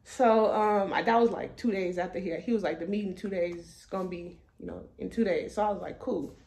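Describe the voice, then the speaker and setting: A woman's voice: mid-range voice, steady tone, a little fast, vocal fry, darkish tone. A woman in her twenties, a vlogger, telling a casual story in blunt, profane slang and laughing as she goes.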